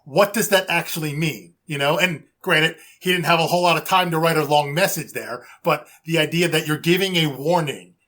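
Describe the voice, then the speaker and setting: A man co-hosting a casual podcast, his voice bright and a little higher than most men's. He talks haltingly and circles back often, stacking up repeated words and fillers as he works through his points. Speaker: podcast co-host.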